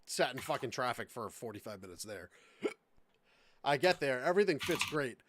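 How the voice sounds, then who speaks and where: A young man co-hosting a gaming podcast, telling a story in a profane, animated, exasperated way. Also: medium pitch, normal speed, slight background noise. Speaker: podcast co-host. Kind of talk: casual chat.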